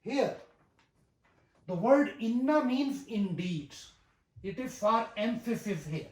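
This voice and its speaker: A teacher giving a grammar lesson, talking deliberately, repeating key terms and reciting verses slowly. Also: mid-range voice, animated. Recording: roomy echo.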